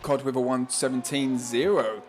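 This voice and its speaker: A man's voice: medium pitch, steady tone, moderate pace, a little hiss or hum. A man commentating a sim race on a live stream, chatty and laughing often as he reads out viewer comments.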